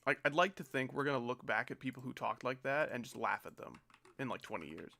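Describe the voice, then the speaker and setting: A man's voice: mid-range voice, fast talker, vocal fry, pushed and bright. A young man rambles through a casual stream, dry and sarcastic. His talk drifts from greeting viewers to teasing slang he finds silly. He speaks close to a desk mic.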